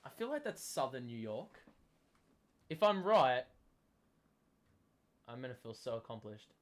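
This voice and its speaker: A young man hosting a live basketball watchalong stream, chatting with viewers and calling plays, getting loud and excited on big moments. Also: medium pitch, measured pace. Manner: chatty, self-deprecating. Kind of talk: live casual commentary, reading chat.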